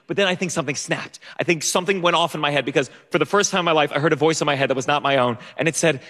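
A young man with a high-pitched, pushed and bright voice talks at a quick pace as he tells a personal story before an audience. Nervous and self-mocking, he keeps restarting and laughing. Long stage reverb is audible.

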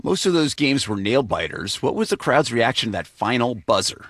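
Husky radio news host, lively delivery. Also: male voice, medium pitch, normal speed, no echo, clean studio sound. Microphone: studio microphone.

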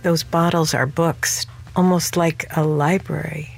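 A woman's voice: sits low, steady tone, unhurried, vocal fry. A woman interviewer asking curious, conversational questions. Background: music.

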